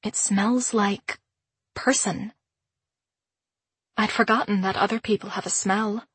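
Slightly husky woman reading a story. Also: mid-range voice, steady tone, dry recording. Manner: measured, introspective reading. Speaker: audiobook narrator. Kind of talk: first-person audiobook narration.

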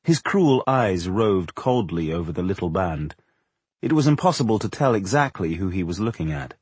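A man reading a fantasy audiobook in expressive, measured storytelling on a close studio mic. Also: low-pitched, breathy edge, dry recording. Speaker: audiobook narrator. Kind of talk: scripted fantasy narration.

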